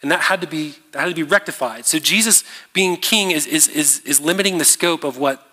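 A man preaching a sermon as a pastor, in a conversational, halting way with many fillers and restarts. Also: on the high side, sharp tone. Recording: long reverb of a large hall.

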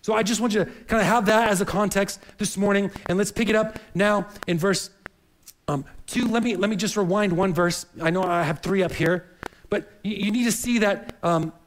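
A man's voice: sits high, fairly even intonation, moderate pace, slight background noise, poor audio. A man preaching a sermon in an earnest, searching way, often repeating words as he reaches for the next phrase. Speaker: pastor.

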